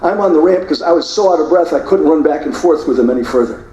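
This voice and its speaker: An older man giving a forceful speech, narrating combat footage and mimicking the people he quotes. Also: a little high, fast talker. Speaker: guest speaker. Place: hotel banquet hall. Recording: echoey hall, voice from far off.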